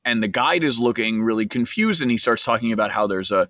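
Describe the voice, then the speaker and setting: A man's voice: mid-range voice, lively intonation, fast talker, fairly bright tone, no echo. A man in a mid-range register talks through a podcast episode in a loose, conversational way. He tells an anecdote with wry humour, then moves into casual commentary. The recording is dry and close, with no room sound. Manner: conversational, wry, with fillers and restarts. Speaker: podcast host.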